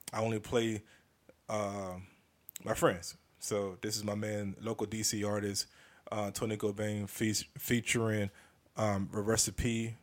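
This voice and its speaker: A man hosting a comedy podcast, telling a story in a casual, animated and profane way, often restarting sentences. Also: on the low side.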